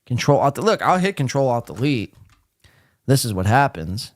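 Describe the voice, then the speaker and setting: A man's voice: mid-range voice, sing-song, moderate pace, no room sound, studio quality. A man hosting a live podcast, talking casually with blunt sarcasm and frequent swearing. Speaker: podcast host.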